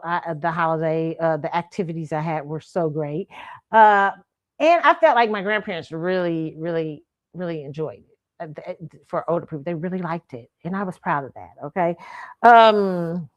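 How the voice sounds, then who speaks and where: A woman's voice: on the low side, dry recording, lo-fi sound. A woman hosting a casual commentary show. She talks chattily, often checks in with "okay?" and laughs easily. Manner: chatty, tag questions of "okay?", quick laughs. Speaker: host.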